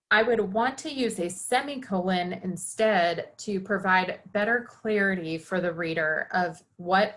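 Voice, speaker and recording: A woman's voice: mid-range voice, fairly bright tone. A woman journalism instructor giving a recorded lecture, explaining steadily with occasional fillers and self-corrections.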